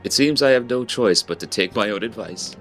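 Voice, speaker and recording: A man reading the lines of a solemn young noble scholar from a game, in a formal, measured way. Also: lowish voice, expressive, fairly bright tone, faint music behind, voice pushed up. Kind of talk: reading game dialogue aloud.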